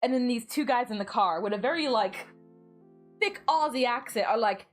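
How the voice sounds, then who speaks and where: A woman's voice: on the high side, lively intonation, normal speed, soft background music. Giggly rambling woman streamer. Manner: giggly, rambling, lots of "like" fillers. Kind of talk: casual chat while gaming.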